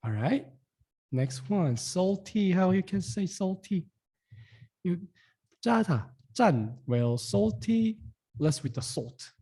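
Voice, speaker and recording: A young man gives a relaxed online language lesson in a slightly raised, mellow, husky voice. He says each word slowly more than once and keeps turning to his viewers with "guys". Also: high-pitched. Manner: repeats words slowly, keeps asking "guys". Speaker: language teacher.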